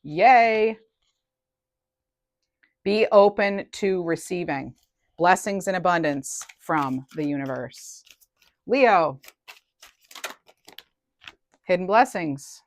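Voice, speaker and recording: A woman with a fairly low voice reads tarot for a collective audience, taking it slowly and pausing often. Her manner is casual and chatty as she thinks aloud, trailing off and restarting; there's no room sound.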